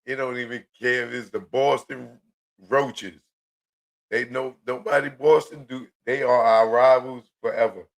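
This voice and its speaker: A New man hosts a casual live show in a gravelly, unhurried voice. He rolls through street slang and shout-outs at an easy pace, with his pitch sitting in a middle range. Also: fairly even intonation. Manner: laid-back, hypes viewers, drawn-out street slang. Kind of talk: casual live-stream commentary.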